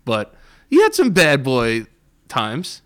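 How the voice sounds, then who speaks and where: Lively teasing man, casual chat. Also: mid-range voice, slow pace, smooth. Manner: teasing, swears, asks questions. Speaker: podcast co-host.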